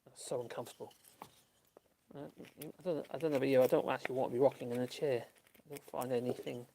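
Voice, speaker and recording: A man's voice: medium pitch, steady tone, fast talker, creaky, warm tone, a little hiss or hum. A man, chatting casually and rambling to the camera while he works on a woodworking project in his workshop. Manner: rambling, chuckles, talks to himself. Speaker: woodworking channel host. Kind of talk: casual chat while working.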